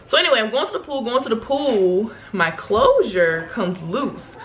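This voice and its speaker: A young woman vlogger telling a story to camera in a chatty, animated way, laughing often and using slang. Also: on the high side, moderate pace, a little hiss or hum.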